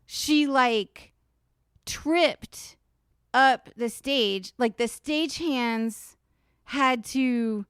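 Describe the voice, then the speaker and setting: A woman's voice: sits high, drawn-out words, fairly bright tone, clear, resonant tone, no room sound, studio quality. Chatty woman telling a story. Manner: rambling storytelling with many "like"s. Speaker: podcast co-host. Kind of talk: casual chat.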